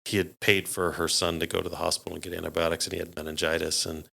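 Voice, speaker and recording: Low gravelly man telling stories. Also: quick pace. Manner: animated, acts out quoted voices with laughs. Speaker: podcast guest. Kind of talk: casual storytelling.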